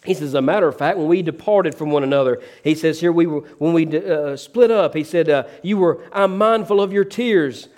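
A man's voice: a little high, a little fast, hardly any pauses. A man preaching a sermon as pastor, often calling out "amen?" and acting out the words of the people he quotes. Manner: preacherly, calls out "amen?" to the congregation; voices quoted figures with shifts in pace and loudness.

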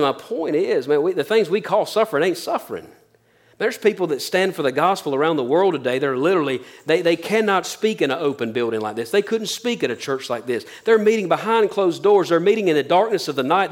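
A man with a fairly high voice preaches a sermon in a loose, conversational way. He speaks plainly and suddenly drops his voice almost to a whisper to land a point. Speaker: pastor.

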